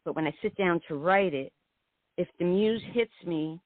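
A woman's voice: on the low side, moderate pace, no room sound. Reflective woman poet on a tinny phone line. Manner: meandering, reflective. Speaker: poet guest. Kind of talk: radio interview.

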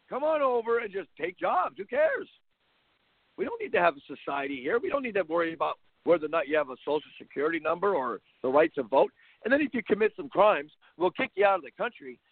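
A man's voice: sits high, dry recording. A man hosting a sports talk show, delivering a blunt, mocking, opinionated monologue. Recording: tinny phone-line sound.

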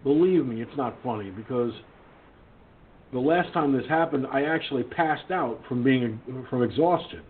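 A male internet radio host with a medium-pitched voice reads news items aloud at a moderate pace, then launches into indignant, swearing rants about them. The audio is tinny, like a phone line, with faint hiss.

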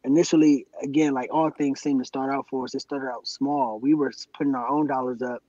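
With a mellow, mid-range voice and fairly even intonation, the guest activist from Cleveland, USA speaks briskly. He's being interviewed about his activism in relaxed podcast conversation, sincere, grateful and full of affirmations. The audio is dull, with no room sound.

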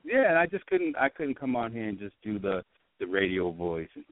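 Man, boston accent, low voice, dry tinny phone-like sound, relaxed rambling talk. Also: brisk, dry recording. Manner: relaxed, rambling, frequent restarts. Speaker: guest, radio show host. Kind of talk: casual interview chat.

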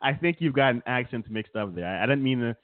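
A man's voice: mid-range voice, lively intonation, fast talker, no echo. Guy rambling and teasing on a chat show, keeps chuckling, sounds tinny like a phone line. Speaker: podcast co-host. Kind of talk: casual comedic chat.

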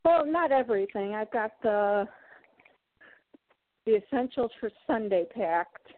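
A woman's voice: a little high, animated, measured pace. A woman co-hosting a casual chat, talking in an easygoing way and repeating words while she searches for them. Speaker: co-host of a toy collecting show. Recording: dry, phone-like narrow audio.

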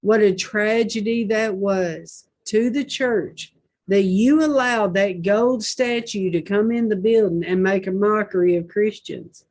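A woman's voice: medium pitch, a little slow, a little mellow. A woman hosting a Christian talk show, reading posts aloud and commenting with indignant rhetorical questions.

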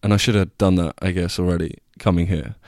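Low-voiced young man telling a story. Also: fairly even intonation, fast talker, a little mellow, no echo, studio quality. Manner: rambling, self-deprecating, swears casually. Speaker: vlogger. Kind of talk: casual storytelling.

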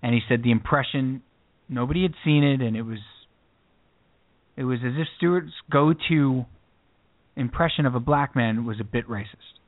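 A man's voice: mid-range voice, moderate pace, long pauses, dry recording. A man co-hosting a podcast, telling a story in casual chat with lots of restarts. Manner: rambling storyteller with many restarts. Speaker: podcast co-host. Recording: dry phone-like lo-fi sound.

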